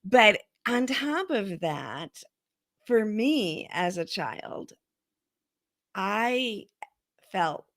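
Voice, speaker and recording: A woman hosting a casual talk show, speaking reflectively and laughing often, over a video call. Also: lowish voice. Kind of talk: casual chat.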